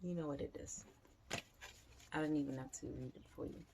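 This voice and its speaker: A woman's voice: low voice, fairly quick, vocal fry, mellow, a little hiss or hum. A woman giving a casual tarot reading, chatty and slangy, swearing now and then. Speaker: tarot reader.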